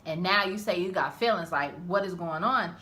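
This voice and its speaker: A woman's voice: on the low side, moderate pace, sharp tone. A woman voicing a confused, defensive young man.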